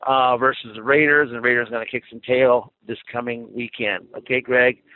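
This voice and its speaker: A man's voice: medium pitch, fairly even intonation, a little fast, no room sound. A man from Minneapolis, Minnesota, calling in to a fan show, chatty, cheerful and rambling over a tinny phone line. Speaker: caller.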